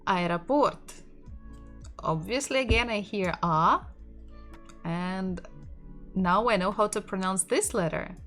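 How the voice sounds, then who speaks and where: A woman with a Russian accent teaching an online language lesson in English, explaining patiently and laughing softly now and then. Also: mid-range voice, slow, long pauses. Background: soft lo-fi music.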